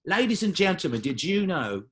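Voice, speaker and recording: A man's voice: sits high, sing-song, fairly quick, a bit bright, voice pushed up. A man imitating a young man from Manchester telling a pun joke, with a put-on Manchester accent and a showy stage delivery. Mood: jokey. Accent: put-on Manchester English.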